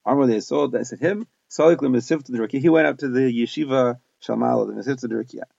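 A man's voice: medium pitch, fast talker, vocal fry, a little mellow, no room sound. A man teaching a Talmud lesson, reading Aramaic phrases and explaining them in plain English with small hesitations. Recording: dull, dry close recording.

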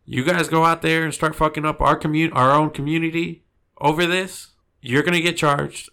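A man's voice: on the high side, fairly even intonation, moderate pace, creaky, pushed and bright, clean tone. A man co-hosting a podcast, talking in a blunt, opinionated and rambling casual chat. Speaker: podcast co-host.

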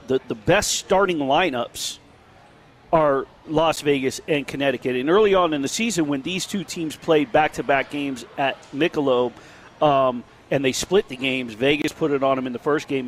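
A man co-hosting a casual sports talk show, telling stories in an animated way with quick restarts. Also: on the high side, a little hiss or hum. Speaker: sports radio co-host.

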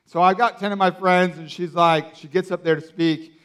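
Man, preacher, high voice, sermon storytelling, casual, filler-heavy, animated with loud outbursts. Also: normal speed, smooth.

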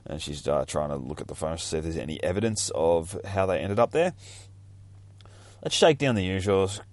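A man's voice: sits low, animated, normal speed, no room sound. A man casually reading through a comic book, cursing freely and rambling about the panels. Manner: profane, rambling, bursts of hype. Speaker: comic reader vlogger.

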